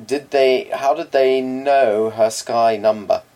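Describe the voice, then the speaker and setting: A man's voice: mid-range voice, fairly even intonation, slow pace, warm tone. A man, chatting casually and making dry, teasing remarks. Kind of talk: casual chat.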